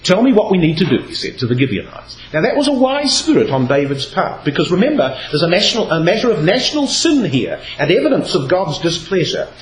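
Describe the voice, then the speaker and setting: Lively expressive man preaching. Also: on the high side, brisk, hardly any pauses, a crowd in the background. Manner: expressive, reads scripture aloud with varied emphasis. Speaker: Bible speaker. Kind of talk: Bible exposition talk. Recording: echoey hall with faint noise.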